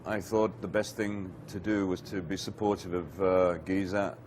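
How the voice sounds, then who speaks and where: A band member speaking quietly and earnestly, reflecting on a hard decision. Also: male voice, low voice, flat delivery, normal speed, slight background noise.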